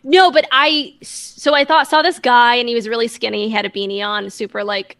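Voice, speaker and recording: Woman, musician guest, bright tense voice, rambling, self-deprecating. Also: fairly high pitch, fairly even intonation, a little fast. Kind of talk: casual storytelling chat.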